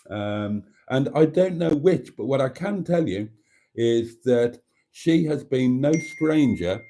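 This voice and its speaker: A British man hosts a chatty live stream in a camp, theatrical, teasing manner, calling his viewers darlings. His voice is mellow, and his nose sounds stuffy. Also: mid-range voice. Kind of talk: casual live stream chat.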